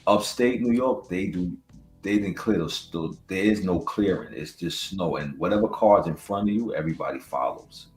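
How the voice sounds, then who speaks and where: A man co-hosting a casual chat about collecting, telling stories in a relaxed, rambling way. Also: low-pitched, moderate pace, roomy sound, faint music behind. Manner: relaxed, storytelling, loose and rambling. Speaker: collector co-host.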